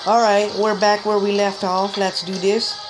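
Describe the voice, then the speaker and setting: A woman giving joking, excitable let's-play commentary, chatting straight to viewers and letting out sudden high yelps. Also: unhurried, low-quality recording. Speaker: gamer. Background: game music.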